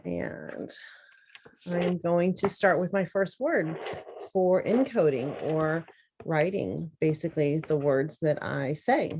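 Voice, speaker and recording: A woman teacher, slowly and carefully sounding out words in an instructional demonstration. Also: sits low, a little mellow, a little hiss or hum, poor audio. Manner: slow, deliberate, sounding out words.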